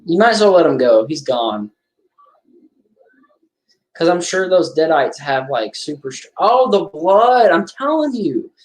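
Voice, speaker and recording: A man's voice: a little high, big pitch swings, unhurried, pauses often. A man giving casual watch-along commentary on a horror film, chatting and reacting aloud to the scenes.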